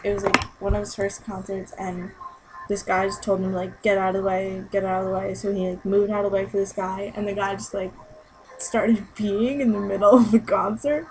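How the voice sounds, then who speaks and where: A woman's voice: mid-range voice, flat delivery, moderate pace, background noise. A young woman in a casual vlog, chatty and gushing as she recaps a concert, saying "like" constantly. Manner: chatty and gushing, heavy use of "like". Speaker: concert-goer recapping a show.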